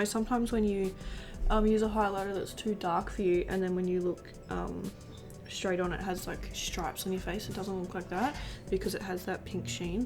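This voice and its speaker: A 19-year-old woman, a beauty vlogger, chatting casually while doing her makeup, gushing and rambling with lots of fillers. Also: medium pitch.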